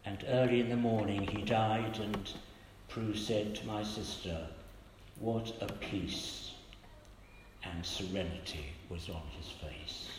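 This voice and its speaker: An older man preaching a sermon, telling stories gently and quoting the people in them. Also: lowish voice, steady tone, slow, background noise. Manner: gentle storytelling with quoted voices. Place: church. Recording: echoey church hall with long reverb.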